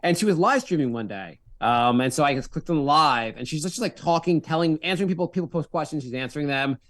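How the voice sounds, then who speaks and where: Lively joking man on a podcast. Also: fairly high pitch, fast talker, no room sound. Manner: animated, joking, acts out quoted voices. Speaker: podcast co-host. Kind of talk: casual comedic banter.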